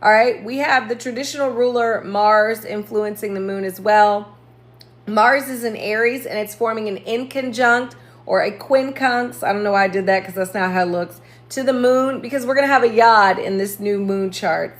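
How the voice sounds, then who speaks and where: A woman's voice: medium pitch, normal speed. A woman astrologer hosting a casual live stream, chatting and laughing, greeting viewers by name and correcting herself as she goes.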